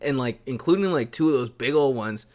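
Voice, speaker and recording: A man's voice: medium pitch, expressive, fairly quick, darkish tone. A man joking and teasing in casual chat as a co-host. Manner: teasing, chatty banter.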